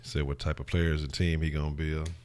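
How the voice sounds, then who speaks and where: A man's voice: extremely low pitch, little pitch movement, a little fast, darkish tone. A man with a Houston accent hosting a loose, slangy, profane live sports reaction stream. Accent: Houston, Texas.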